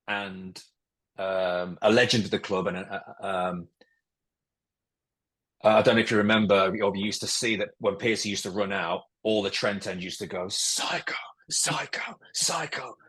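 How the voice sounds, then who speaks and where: Man from England, ex-footballer guest, low husky voice, rambling anecdotal delivery. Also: fairly even intonation, normal speed, a bit bright. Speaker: podcast guest, former footballer. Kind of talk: casual interview chat.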